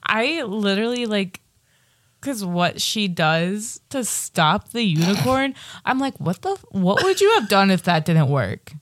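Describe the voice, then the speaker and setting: A woman co-hosting a podcast, chatting casually about a movie she just saw, relaxed and rambling with many fillers. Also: mid-range voice, measured pace, no echo. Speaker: podcast co-host. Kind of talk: casual movie review chat.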